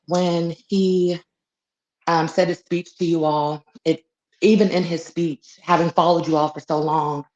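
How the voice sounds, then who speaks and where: Woman caller, low voice, hesitant, polite, muffled roomy call line. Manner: soft-spoken, hesitant, polite. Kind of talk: casual call-in chat. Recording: dull echoey call audio.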